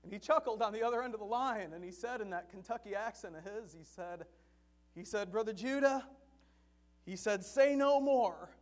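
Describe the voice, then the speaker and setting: A man preaching a sermon in a chapel, telling a story softly and then rising to loud, fervent emphasis. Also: high voice, fairly quick.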